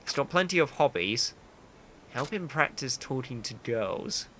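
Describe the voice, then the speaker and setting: A man's voice: mid-range voice, big pitch swings, unhurried, pushed and bright, a little hiss or hum. A man hosting a gaming video, making dry, wry remarks between lines of dialogue. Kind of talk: let's play commentary.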